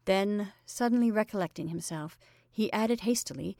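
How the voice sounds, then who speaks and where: Female storyteller, mid pitch, dry close mic, measured expressive reading. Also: no echo. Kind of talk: reading a classic short story aloud.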